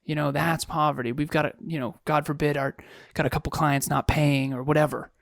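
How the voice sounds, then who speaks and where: A man's voice: a little high, level tone, a little fast, vocal fry, no echo, studio quality. A man in his thirties co-hosting a podcast, telling stories in an earnest, reflective way. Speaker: podcast co-host. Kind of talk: casual chat.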